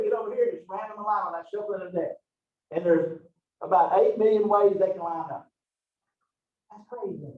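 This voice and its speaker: A man teaching a biology lecture, lively and joking at his own expense, with frequent rhetorical questions. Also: sits high. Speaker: biology instructor. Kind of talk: recorded online lecture. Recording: roomy, distant, dull lo-fi mic.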